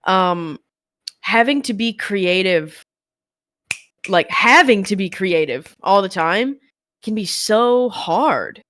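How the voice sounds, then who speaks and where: A woman's voice: mid-range voice, expressive, takes it slowly, a bit bright, no echo, clean studio sound. A woman streamer chatting candidly as an interview guest, rambling a little and laughing often. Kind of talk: casual interview chat.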